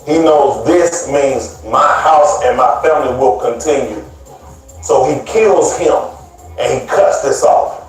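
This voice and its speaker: A man's voice: mid-range voice, takes it slowly. A man preaching a sermon in an emphatic, repetitive way, speaking straight to his listeners. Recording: very echoey, distant mic, faint music.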